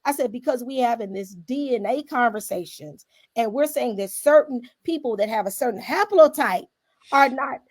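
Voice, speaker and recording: Woman panelist, high animated voice, emphatic and blunt. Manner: forceful, emphatic, colloquial. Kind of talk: heated panel discussion.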